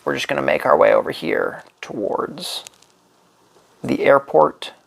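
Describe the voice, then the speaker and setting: Slowly talking through a solo game on his board game channel, a man reasons aloud as he puts pieces down. His medium-pitched voice carries vocal fry, and a little hiss or hum sits in the recording.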